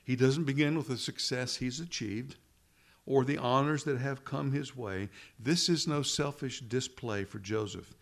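A man's voice: mid-range voice, unhurried. A man preaching a sermon in an earnest way, asking rhetorical questions and repeating phrases for emphasis.

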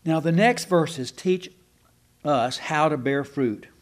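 This sermon comes from a man with a fairly high voice who speaks slowly and with emphasis. Rhetorical questions punctuate his preaching, and he occasionally breaks off mid-phrase to begin again.

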